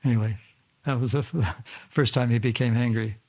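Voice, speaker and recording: A man's voice: medium pitch, fairly even intonation, moderate pace, darkish tone, lo-fi sound. An older man giving an informal talk to his disciples at a home gathering, often stumbling, repeating words and restarting sentences. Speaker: spiritual teacher.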